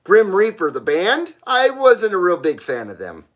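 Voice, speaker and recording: A man's voice: high-pitched, huge pitch swings, normal speed. A middle-aged man hosting a casual live stream, reading viewers' messages aloud and answering bluntly, with frequent swearing and laughter. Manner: blunt, profane, laughs often.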